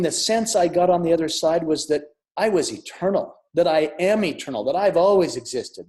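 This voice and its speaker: A middle-aged man telling a personal story in an earnest, reflective way, with restarts and soft drops in volume. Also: on the high side. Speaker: speaker sharing a near-death experience. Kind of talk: personal storytelling talk with audience questions. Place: online summit talk.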